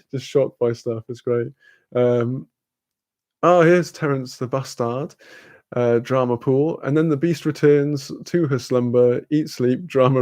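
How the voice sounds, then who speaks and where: A man's voice: medium pitch, gravelly, darkish tone, no room sound, studio quality. A man hosting a livestream, casually reading the chat aloud, laid-back, laughing often and swearing freely. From Wales. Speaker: livestream host.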